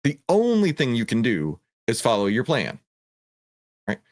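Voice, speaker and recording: A man's voice: medium pitch, wildly swooping pitch, unhurried, a little mellow, dry recording, clean studio sound. A middle-aged man hosting a trading lesson, talking through a stock chart in an emphatic, preachy way with rhetorical questions and repeated phrases. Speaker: trading educator and host. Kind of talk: energetic stock-chart walkthrough.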